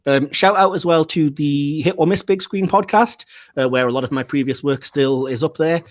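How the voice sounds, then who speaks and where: A man hosting a relaxed film podcast, his voice sitting a little high. He chats freely, laughs often and drifts off into fillers between thoughts. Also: moderate pace. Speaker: podcast host. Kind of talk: casual podcast chat.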